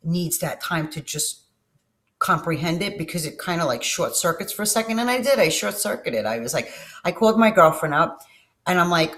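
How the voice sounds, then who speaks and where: A woman's voice: on the low side, lively intonation, brisk, fairly bright tone. A middle-aged woman telling personal stories to her viewers in a casual vlog, candid and emotional, swearing freely and often trailing off and restarting her sentences. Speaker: vlogger. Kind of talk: casual personal storytelling to camera.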